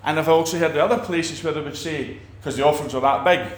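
A man teaching about faith in a relaxed talk, animated, acting out quoted people and restarting his sentences often. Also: a little high, fast, reverberant. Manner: animated, acts out quoted preachers, many restarts. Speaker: preacher.

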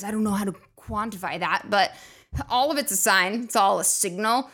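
A woman's voice: mid-range voice, normal speed, fairly bright tone. A woman hosting a comedy podcast, rambling through a profane casual monologue with lots of fillers and acted-out quotes.

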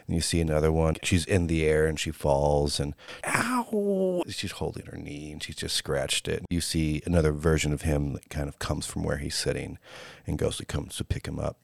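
In a dry recording, a man with an extremely low, creaky voice narrates a tabletop role-playing game and plays its characters. His pitch barely moves as he rambles with lots of fillers, then switches quickly into character voices.

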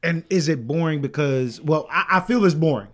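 Blunt man with a fairly high voice. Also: moderate pace. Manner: blunt and opinionated, draws out points with long sports comparisons, swears freely. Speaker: podcast co-host. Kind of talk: casual chat.

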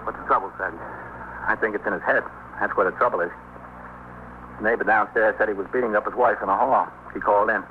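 An actor playing a police sergeant who calmly gives orders and coaxes an armed man to open the door, in 1950s radio drama style. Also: fairly low pitch, fast talker, long pauses, lightly acted. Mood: commanding. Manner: calm, firm, coaxing. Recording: tinny old radio broadcast with faint hiss.

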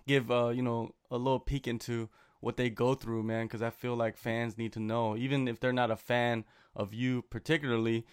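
Smooth-voiced relaxed male interviewer. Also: medium pitch, normal speed, few pauses, no room sound, studio quality. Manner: relaxed, friendly, keeps saying "man". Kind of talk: casual interview.

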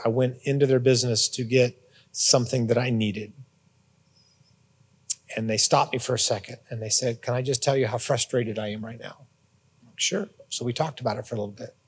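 Man, pastor, conversational sermon, husky, raised pitch, long hall reverb. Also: darkish tone. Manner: conversational, repeats words, informal asides. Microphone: phone or portable device.

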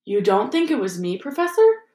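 A woman voicing a young boy wizard who blurts out high, breathless exclamations. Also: very animated, normal speed, mellow, roomy sound. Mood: hopeful. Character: boy wizard, panicked then hopeful.

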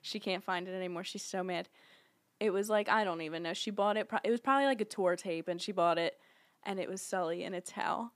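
Young woman, podcast co-host, casual chat, chatty, giggly, mid-pitched voice. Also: quick pace. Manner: chatty and giggly, rambling with fillers.

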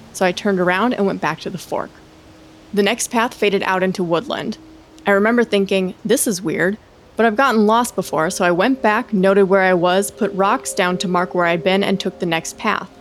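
A young woman co-hosting a chatty podcast, with a voice in the middle range for a woman. She is playful and cusses freely, and she drops into hushed tones when she reads a creepy story. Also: medium pitch, a little hiss or hum. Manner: playful, swears casually, reads a spooky tale in a hushed voice. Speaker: podcast co-host. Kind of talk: casual chat, reading a story aloud.

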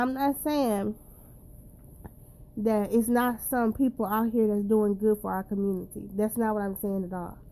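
Woman, higher-pitched voice, mellow and warm tone, blunt, profane, preachy, talks straight to viewers. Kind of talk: casual straight-to-camera rant.

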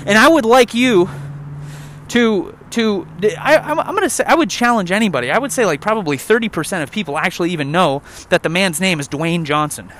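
Young guy ranting outdoors on a walk, swears a ton, kinda high voice, jokey and rambly. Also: lively intonation, fast talker, few pauses, a bit bright, a little hiss or hum. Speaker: vlogger. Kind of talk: casual rant while walking. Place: outdoor trail.

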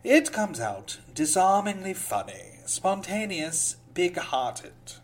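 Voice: mid-range voice, big pitch swings, slow pace, a little hiss or hum. A podcast host reading film reviews aloud in a casual way, with sarcastic asides between the quotes and a slide into a pompous reading voice.

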